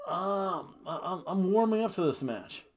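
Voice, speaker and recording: This podcast co-host's voice sits high, with lively intonation and a measured pace, as he reviews a wrestling show. Mildly tipsy on red wine, he rambles and jokes, breaking into silly chants and songs.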